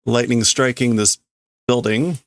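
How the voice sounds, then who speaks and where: A man's voice: mid-range voice, steady tone, a little slow, no room sound, clean studio sound. A man streaming live as he reads a manga aloud and translates it, thinking aloud and hesitating over the words. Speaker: streamer host.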